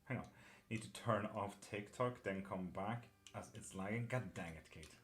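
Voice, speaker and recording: A man's voice: fairly low pitch, normal speed, a bit bright. Chatty man with a mixed Irish-British accent. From Sweden. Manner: chatty, swears casually, laughs often, reads chat aloud. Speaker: tarot reader streaming live. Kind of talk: casual live-stream chat. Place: home streaming setup in England.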